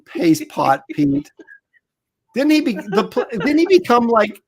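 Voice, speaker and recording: A middle-aged man in casual livestream chat, relaxed and talkative, co-hosting a show and reading viewer comments aloud. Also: very high voice, measured pace. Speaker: comic artist and show co-host.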